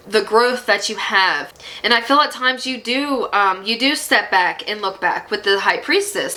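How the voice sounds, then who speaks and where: A woman's voice: fairly high pitch, poor audio. A woman giving a psychic tarot reading, talking straight to the viewer in an encouraging way and laughing often. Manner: emotional and animated at times. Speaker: tarot reader.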